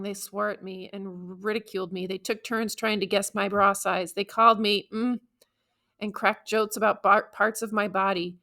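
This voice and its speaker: Brief: female audiobook narrator, bright clear tone, measured, emotive first-person reading. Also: mid-range voice.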